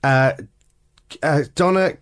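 A man's voice: fairly high pitch, takes it slowly, clean tone. An English man, a children's author, chatting in an interview, laughing often and restarting sentences. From England. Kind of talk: casual interview chat.

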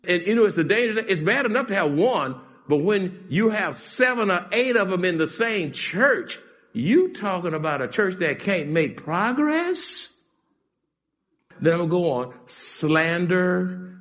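A man preaching a sermon in a lively, animated style. He swings from shouts to near-whispers, laughs often, and his has a sound. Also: high-pitched, moderate pace. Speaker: pastor.

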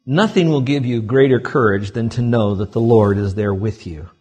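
A male pastor preaching a sermon to his congregation, swinging between loud exclamations and quiet asides. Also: medium pitch, moderate pace, slightly rough, soft background music. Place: church sanctuary.

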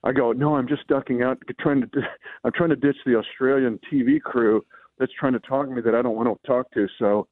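A male sports broadcaster telling an animated story in casual radio chat, acting out the voices of people in it. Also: mid-range voice, brisk, no echo. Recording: dry, phone-like line.

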